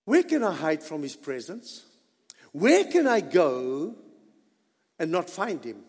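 A man's voice: a little high, very animated, slow, a little mellow, slightly rough, big-room sound. A man preaching a sermon as pastor, emphatic and dramatic, dropping suddenly to near whispers.

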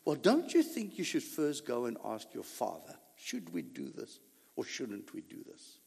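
Preacher guy doing a nervous armor bearer, quiet and low, kinda pleading, slow, echoey hall. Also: huge pitch swings, creaky, breathy edge, full character voice. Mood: hushed, pleading. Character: timid cautious male armor bearer, naysaying.

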